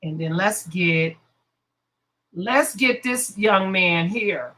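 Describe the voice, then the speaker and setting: A woman's voice: on the low side, slow, sharp tone, low-quality recording. A woman hosting a casual livestream, sassy and blunt as she talks back to her chat. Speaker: livestream host.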